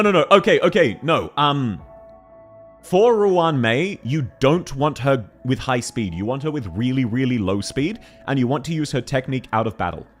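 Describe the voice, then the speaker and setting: A man live-streams a game from a home setup, talking straight to his viewers. He sounds excited and giggles often, and his pitch swings widely as he reacts to chat. Faint game music plays quietly behind him.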